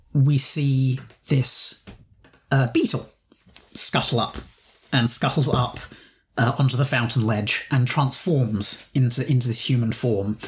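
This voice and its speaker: A man narrating an improvised story in a tabletop game, rambling as he goes. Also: mid-range voice. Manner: rambling, with many restarts.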